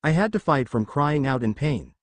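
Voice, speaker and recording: A man narrating a first-person story in an expressive reading voice. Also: medium pitch, normal speed, no echo.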